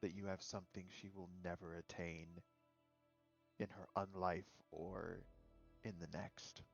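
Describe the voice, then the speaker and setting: A man voicing a sly male tempter in a hushed, coaxing whispered role-play, with a gravelly voice. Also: low-pitched, little pitch movement, unhurried, highs cut off, faint music behind.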